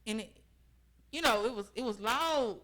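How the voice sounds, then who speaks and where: A woman's voice: a little high, expressive, normal speed, fairly bright tone. Earnest young woman telling her story. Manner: earnest, often checks in with listeners. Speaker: podcast guest. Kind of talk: recounting a personal story in conversation.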